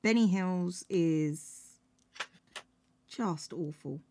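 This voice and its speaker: A woman's voice: on the low side, very slow, darkish tone, a little hiss or hum. A woman hosting a live stream, chatting casually in a dry, matter-of-fact way. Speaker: streamer host.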